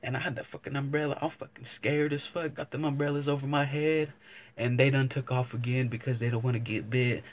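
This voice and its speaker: A man's voice: mid-range voice, flat delivery, brisk. A young man vlogging, telling a casual story to camera, rambling and swearing, often circling back with "but anyways.". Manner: rambling, profane, keeps saying "but anyways".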